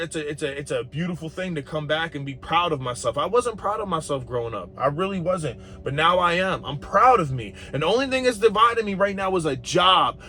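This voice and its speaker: A man's voice: fairly high pitch, pushed and bright. A young adult man, a truck driver, talking bluntly and profanely in a casual vlog monologue.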